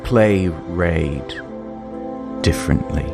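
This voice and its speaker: A man doing a shadowy ad pitchman with a very deep voice, solemn and mock-serious, over a clear music bed. The voice keeps a grave salesman's weight throughout. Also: extremely slow, exaggerated voice.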